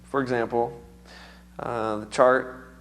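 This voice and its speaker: A man's voice: mid-range voice, steady tone, slow pace, fairly bright tone. A man with a strained, recovering voice, teaching music theory to a seminar class in a casual, chatty way and quizzing the students.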